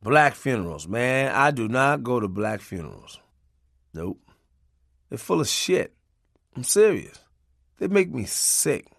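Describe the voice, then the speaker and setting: A man's voice: mid-range voice, very animated, a little slow, creaky, pauses often, a bit bright, dry recording, studio quality. A man narrating a comic memoir in a loose, profane, conversational way, laughing as he goes. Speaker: audiobook narrator.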